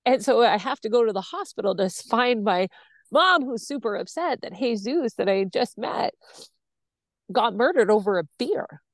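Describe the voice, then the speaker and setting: A woman, a podcast guest, telling a personal story in an animated, blunt way, acting out other people's voices and swearing freely. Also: fairly high pitch, normal speed, no room sound.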